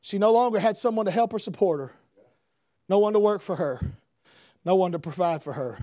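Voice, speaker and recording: A man preaching a revival sermon, swinging between shouted emphasis and hushed lines. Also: high voice, fairly quick, no echo, clean studio sound.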